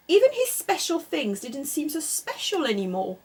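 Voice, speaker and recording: A woman reading a children's picture book aloud in an expressive, sing-song way. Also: high-pitched, normal speed, hardly any pauses. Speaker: storyteller.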